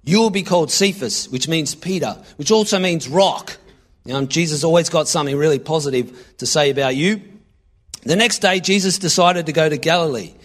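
A man preaching a sermon, reading scripture aloud and acting out lines with sudden loud bursts. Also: on the high side, a little fast. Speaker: pastor.

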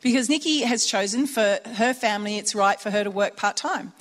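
A woman giving an informal sermon to mothers, chatty and animated, telling stories with acted-out dialogue. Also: medium pitch, fairly quick. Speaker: speaker at a Christian women's or mothers' gathering. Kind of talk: informal sermon with personal anecdotes.

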